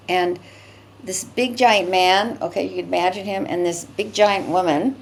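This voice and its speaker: A woman's voice: lowish voice, moderate pace, gravelly. An older woman, a podcast guest, telling a personal story in a vivid, emphatic way, often repeating words for effect.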